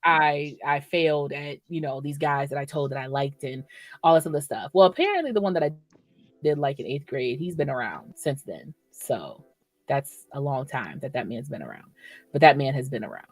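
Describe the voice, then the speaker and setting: A woman's voice: a bass voice, no room sound. A female podcast co-host in casual chat, talking frankly and reacting with feeling. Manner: frank, expressive, quick to react.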